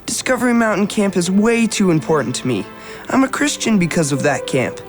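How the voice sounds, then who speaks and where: A woman's voice: mid-range voice, sing-song, fairly quick, over music, close to an everyday voice. A woman voicing a loyal, earnest teenage boy who helps out, in a children's radio drama. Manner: earnest, supportive.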